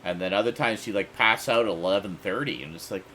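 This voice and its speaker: A man hosting a casual group chat stream, animated and joking. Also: fairly low pitch, quick pace, slight background noise. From Canada. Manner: animated, joking, lots of laughter. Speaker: stream host.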